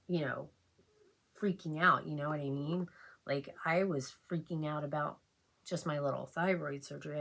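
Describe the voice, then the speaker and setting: Middle-aged woman, low and gravelly, chatting haltingly and emotionally in a home get-ready-with-me vlog. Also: fairly bright tone. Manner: rambling, halting, many fillers and restarts. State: emotional, close to tears. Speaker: beauty vlogger. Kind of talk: casual chat while getting ready.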